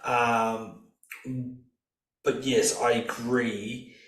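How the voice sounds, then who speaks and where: A man's voice: medium pitch, level tone, extremely slow, a bit bright, echoey room, low-quality recording. A man co-hosting a casual film review podcast, easygoing and agreeable. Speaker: podcast co-host.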